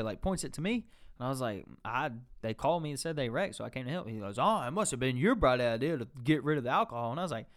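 Speaking fast at a medium pitch, a young man spins an animated, foul-mouthed tale on a laid-back podcast, imitating the voices of the people he describes.

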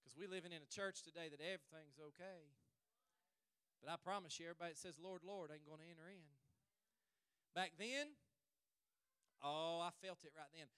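A male pastor preaching a fervent sermon at a church service, stretching his phrases and rising to shouts. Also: fairly high pitch, moderate pace, pauses often, clean tone, dry recording.

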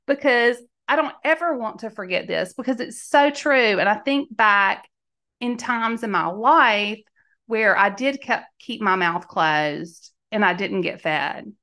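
A woman's voice: fairly high pitch, unhurried. A middle-aged woman from Mississippi with a Southern accent, a podcast host and life coach telling a personal story, acting out both sides of the conversations. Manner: animated, acts out both sides of dialogue. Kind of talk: storytelling monologue.

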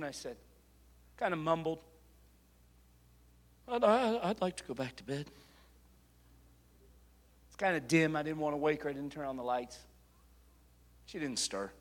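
A middle-aged male preacher with a fairly high-pitched voice gives a sermon, shifting between quiet personal stories and loud, impassioned exhortation.

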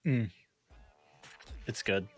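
A man's voice: drawn-out words, soft background music. Playful laughing man hosting a podcast. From Canada. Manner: playful, self-deprecating, laughs often. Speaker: podcast host. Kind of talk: casual podcast chat.

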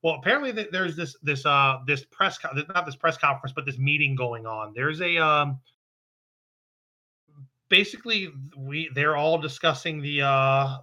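A man with a very bright, forceful voice, talking a little higher than most men. He recaps episodes in loose, rambling chat full of restarts and swearing. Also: normal speed, dull audio. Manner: rambling, profane, quotes characters in passing. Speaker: podcast co-host recapping an anime. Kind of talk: casual chat.

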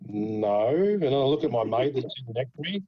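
A man's voice: mid-range voice, animated, a little fast, husky, muffled recording. A man with an Australian accent hosting a podcast, telling stories in casual chat, swearing freely and laughing as he goes. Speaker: podcast host.

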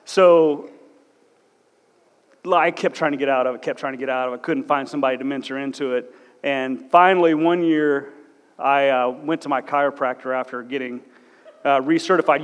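A man's voice: mid-range voice, brisk. A man in his forties, a police officer, giving a blunt, self-deprecating, joking talk as a church guest speaker. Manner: blunt, no-nonsense. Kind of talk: humorous church talk with personal stories. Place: large church hall. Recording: echoey church hall with long reverb.

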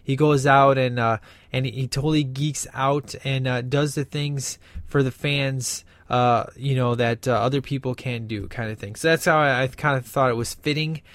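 A man's voice: medium pitch, steady tone, normal speed, a bit bright, no echo. A man hosting a casual podcast, talking with lots of fillers and reading a listener's email aloud. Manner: enthusiastic, rambling with many fillers. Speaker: podcast host.

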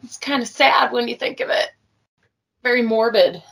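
A woman's voice: on the high side, moderate pace, gravelly, a bit bright, breathy edge, poor audio. A woman co-hosting a podcast, casually and amusedly recounting details from a book. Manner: amused, storytelling, laughs a lot. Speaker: podcast co-host. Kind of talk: casual film discussion.

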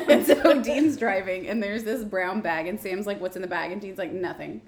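A young woman co-hosting a casual chat, acting out both sides of a TV scene in an expressive storytelling way. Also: mid-range voice, normal speed. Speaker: podcast co-host. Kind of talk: casual chat recapping a TV episode.

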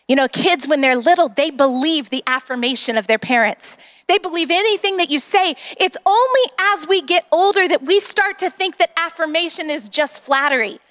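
A woman's voice: high-pitched, fairly bright tone. A middle-aged woman pastor preaching a sermon in a church, earnest and rallying her congregation.

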